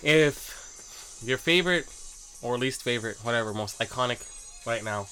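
A man's voice: mid-range voice, expressive, moderate pace, sharp tone, soft background music. A man co-hosting a podcast, rambling in casual crude banter with many fillers. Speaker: podcast co-host.

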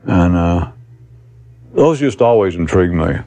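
A man's voice: deep voice, animated, measured pace, warm tone. A man giving a recorded spiritual talk to an audience, rambling and blunt, swearing casually as he teaches.

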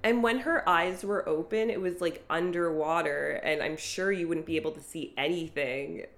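A woman's voice: on the low side, normal speed, a bit bright. A woman co-hosting a podcast, chatting casually with giggly, playful teasing. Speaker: podcast co-host. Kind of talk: casual recap chat.

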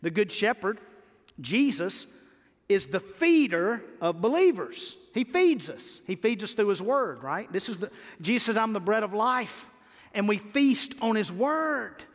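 High-voiced man preaching in a reverberant hall. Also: sing-song, measured pace. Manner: emphatic preaching, repeats key words, rises on refrains. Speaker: pastor. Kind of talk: sermon.

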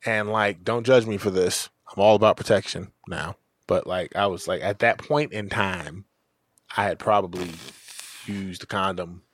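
A man's voice: normal speed, dry recording. A man co-hosting a podcast, telling casual stories with loose, profane talk and big jumps in voice when he quotes people. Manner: animated, acts out quotes with big pitch jumps. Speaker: podcast co-host. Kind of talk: casual storytelling.

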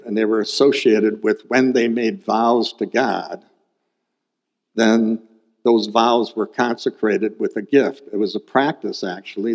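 Slow-preaching man in a reverberant hall. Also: fairly low pitch, darkish tone. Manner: explanatory Bible teaching with repeated emphasis. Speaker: pastor. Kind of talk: sermon. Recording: dull recording with long hall reverb.

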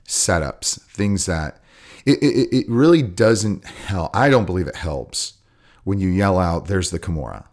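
A man with a Southern accent and a very low voice chats casually on a podcast. He talks as a jiu-jitsu coach and sometimes acts out coaches yelling from the sidelines. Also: expressive, slow pace. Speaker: podcast co-host, BJJ coach.

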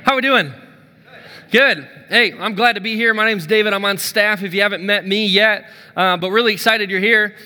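Bright, energetic male preacher. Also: high voice, normal speed, long reverb tail. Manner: energetic, acts out dialogue in his stories. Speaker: church staff speaker. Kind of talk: storytelling sermon.

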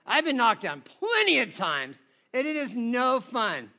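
A man's voice: very high-pitched, huge pitch swings, unhurried, pushed and bright. A man preaching a casual, conversational sermon, chatty and always asking his listeners "right?". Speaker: pastor.

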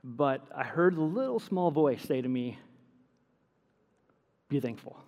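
A man's voice: a little high, very animated, normal speed, a little mellow. A middle-aged man preaching a sermon as pastor, telling stories with self-deprecating humor. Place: church sanctuary. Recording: long hall reverb.

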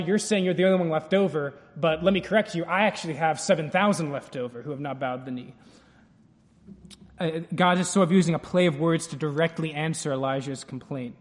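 A man's voice: fairly high pitch, big-room sound. A man preaching an expository sermon, explaining the text earnestly and restarting phrases as he goes.

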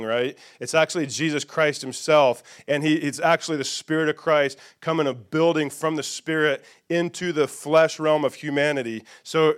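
A middle-aged man preaching a sermon, his voice smooth and resonant and pitched a little above most men's. He talks to his congregation in a conversational way, stopping often to ask "okay?" or "amen?" to make sure they follow. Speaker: pastor.

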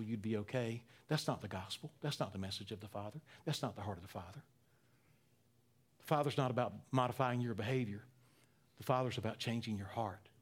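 Impassioned preacher, loud then hushed. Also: male voice, mid-range voice. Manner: swings from loud emphatic preaching to hushed near-whispers; repeats phrases for emphasis. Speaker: pastor. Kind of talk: sermon.

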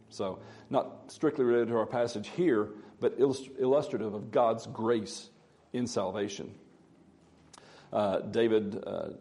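A man giving a Bible teaching in a halting way with many fillers, reading scripture aloud with more emphasis. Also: on the low side, warm tone.

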